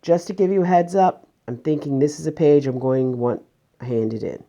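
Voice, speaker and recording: A woman teacher calmly walking students through a grammar review step by step in a remote lesson. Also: low-pitched, moderate pace. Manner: patient, step-by-step explaining.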